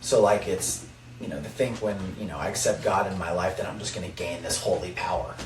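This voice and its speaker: A man's voice: low voice, a little fast. A young man, a college basketball player, talking earnestly about his faith on a podcast. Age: young adult. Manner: earnest, testifying. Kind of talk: faith-focused podcast chat. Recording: roomy, distant mic, faint noise.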